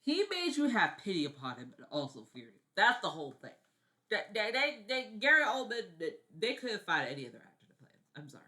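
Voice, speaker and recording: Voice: mid-range voice, very animated, fairly quick, bright, forceful tone. A vlogger ranting casually about favorite films, rambling, repeating words, swearing and often apologizing. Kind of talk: casual film-review vlog.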